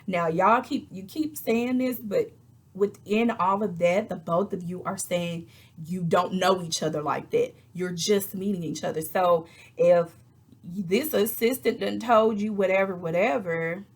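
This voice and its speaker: A woman recapping a reality show in casual, animated chat, acting out quotes with exasperated asides. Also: lowish voice, measured pace. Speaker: reality TV reviewer.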